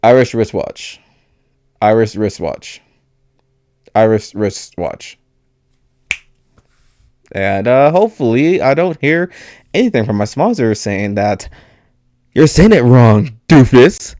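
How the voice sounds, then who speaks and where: A man's voice: medium pitch, expressive, a little slow, long pauses, a little mellow, no room sound. A young man rambling on a handheld mic, joking, swearing and laughing often, with lots of fillers. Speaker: vlogger. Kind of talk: rambling casual monologue to camera.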